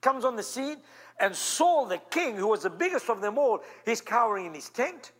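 Pastor role, high-pitched man, emphatic storytelling sermon, lively rises and drops. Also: moderate pace. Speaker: senior pastor. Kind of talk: animated sermon.

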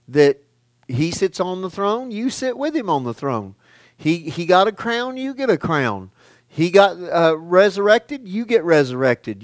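A man preaches in a conversational manner, putting questions to his listeners while his delivery swings between loud emphasis and a hushed tone. His voice is high-pitched, with no room sound.

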